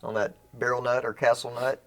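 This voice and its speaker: A man's voice: medium pitch, little pitch movement, brisk, a bit bright. A man co-hosting a casual gunsmithing how-to, explaining assembly in a jokey, self-mocking way. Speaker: gunsmithing co-host. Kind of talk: casual instructional banter.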